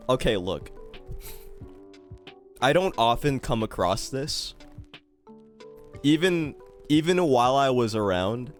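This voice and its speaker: A man streaming a guessing game, chatting casually, swearing freely and poking fun at himself. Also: mid-range voice. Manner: swears freely, animated and self-mocking. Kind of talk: casual live-stream commentary.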